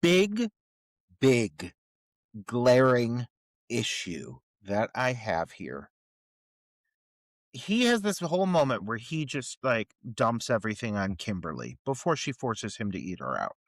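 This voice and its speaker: Animated, exasperated male podcast co-host. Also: mid-range voice, takes it slowly, dry recording. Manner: incredulous, profane ranting critique. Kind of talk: casual movie review chat.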